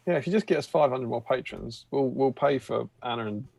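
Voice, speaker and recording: Gravelly man reading chat aloud. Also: mid-range voice, brisk, darkish tone, dry recording. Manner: jokey, reads out chat messages aloud. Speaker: co-host of painting stream. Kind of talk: casual chat reading viewer comments.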